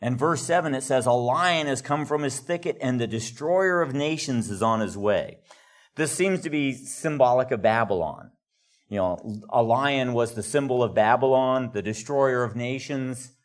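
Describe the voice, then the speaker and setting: An older man teaching a classroom Bible lecture in an earnest manner, growing animated when he reads quotes aloud. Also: medium pitch, normal speed.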